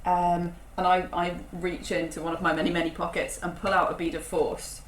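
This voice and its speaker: A woman's voice: lowish voice, level tone, moderate pace, slight background noise. Hesitant scheming British woman, roomy sound. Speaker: player. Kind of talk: tabletop role-play chat.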